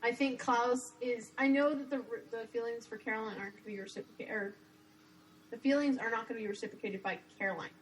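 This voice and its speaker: A woman's voice: fairly high pitch, steady tone, fast talker, rough recording. A young woman co-hosting a fan podcast in casual chat, frank and opinionated, rambling a little. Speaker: podcast co-host.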